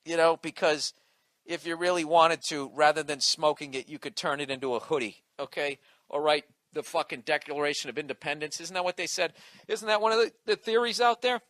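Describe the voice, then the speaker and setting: A man's voice: on the high side, steady tone, a little fast, fairly bright tone, dry recording. A man doing a profane comic rant with mocking asides. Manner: profane ranting, mocking impressions. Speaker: comedian. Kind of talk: podcast rant.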